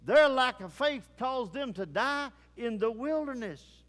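Male preacher, fervent sermon delivery, high-pitched, long reverb. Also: animated, unhurried, fairly bright tone. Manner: fervent, swings between low grave tones and rising urgency.

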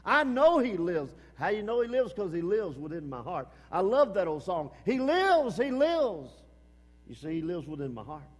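A man preaching a sermon with emphasis, repeating his phrases and swinging between loud and hushed. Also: fairly high pitch, expressive, brisk, hardly any pauses, in a large hall.

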